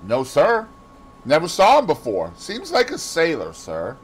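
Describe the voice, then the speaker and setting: Deferential gamekeeper, voiced by a Boston man, plain-spoken, soft hiss behind. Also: fairly high pitch, huge pitch swings, a little slow, voice pushed up. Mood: respectful. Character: deferential working-class male gamekeeper.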